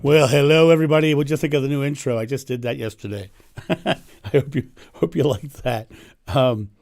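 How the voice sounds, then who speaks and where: Hoarse, gravelly-voiced livestream host. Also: male voice, mid-range voice, moderate pace, a little mellow, soft background music. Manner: chatty, laughs often. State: hoarse from laryngitis. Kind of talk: casual livestream chat. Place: home in Ohio. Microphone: microphone turned up.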